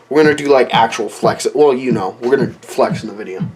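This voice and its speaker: A man's voice: mid-range voice, fast talker, few pauses, over music. A young man joking around while recording a silly song, switching between mock singing and rambling asides. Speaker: comedy vlogger recording a song. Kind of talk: joking self-recorded rap session.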